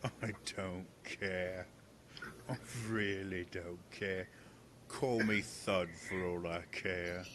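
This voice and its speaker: Sullen resigned guard, played by a man: low, flat, mumbled. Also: moderate pace, hardly any pauses, a little hiss or hum. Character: dejected sullen male guard.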